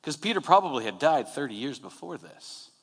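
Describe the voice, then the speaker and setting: A man's voice: fairly high pitch, very animated, brisk, a bit bright, breathy edge. Conversational male pastor in a reverberant hall. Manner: conversational, retells scenes with acted-out quotes. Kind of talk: sermon.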